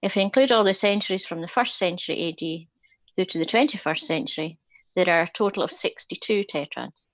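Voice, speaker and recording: A woman's voice: lowish voice, a little fast, no echo. Woman reading aloud in a dry room. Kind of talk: reading an article aloud in a chat.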